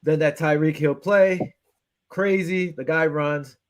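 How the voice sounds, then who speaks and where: A man with a Western New York accent hosts a casual sports talk show, speaking slowly in a slightly high voice. Fired up and frustrated, he breaks down a game in an animated rant, acting out his own phone calls with quoted back-and-forth.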